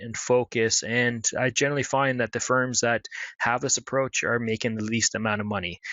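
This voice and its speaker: A man giving a webinar presentation in a brisk, conversational way, full of fillers. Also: mid-range voice, a bit bright, no room sound, dull audio. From Canada. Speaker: marketing presenter.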